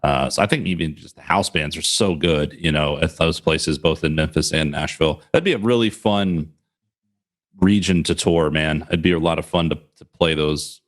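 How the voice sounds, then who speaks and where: A man hosting a music podcast, talking in an easygoing, casual way. His voice sits low. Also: moderate pace. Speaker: podcast host. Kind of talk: casual interview chat.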